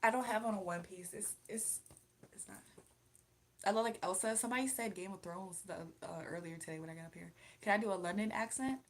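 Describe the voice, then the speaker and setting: A woman's voice: on the low side, a little fast. Chatty young woman on a livestream. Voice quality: chatty and rambling with frequent laughs. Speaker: livestream host. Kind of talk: casual livestream chat reading viewer comments.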